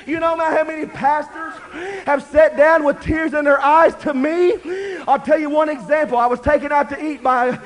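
Give me an older pastor, a man with a very high voice, preaching loud then soft. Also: level tone, moderate pace, low-quality recording. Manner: swings from loud shouting to low quiet talk. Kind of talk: sermon.

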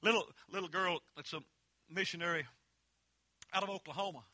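A man's voice: high voice, steady tone, brisk, no echo. Fervent holiness preacher man. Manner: fervent preaching, rising to loud emphatic peaks; folksy storytelling. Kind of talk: sermon.

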